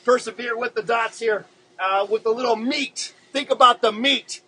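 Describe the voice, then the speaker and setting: A man with a high-pitched voice hosts a casual live-streamed drawing show. He rambles in a laid-back way, addressing viewers as guys and pausing often on filler words. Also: bright, forceful tone, slight background noise, low-quality recording.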